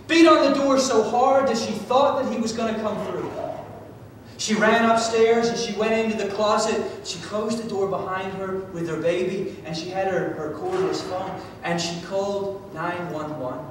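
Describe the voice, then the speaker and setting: A man from Georgia preaching a sermon, telling a story with drama, swinging from loud to hushed. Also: fairly even intonation, normal speed. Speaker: pastor. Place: church sanctuary. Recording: echoey church hall from far off, faint rumble.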